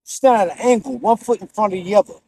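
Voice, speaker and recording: A high-pitched man with a New York accent coaches close-range boxing in a streetwise, profane way, showing each move as he explains it. The sound is dry and close, with no room echo. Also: quick pace, creaky, darkish tone, husky. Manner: streetwise, blunt and profane, demonstrating moves as he talks. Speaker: boxing instructor. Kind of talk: casual boxing tips to camera.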